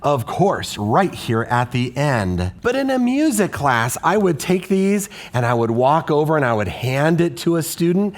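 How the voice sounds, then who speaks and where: Male music teacher, slow steady delivery, patient and questioning, walks listeners through a lesson. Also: mid-range voice. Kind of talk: explaining a classroom lesson.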